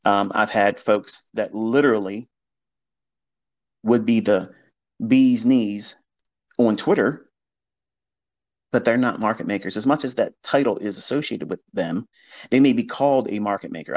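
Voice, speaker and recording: A man's voice: on the low side, measured pace, long pauses, lo-fi sound. Blunt, cursing male market talker. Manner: blunt and profane, mocking the doubters he quotes. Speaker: trading educator hosting an audio space. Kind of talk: casual monologue. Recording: audio chat stream.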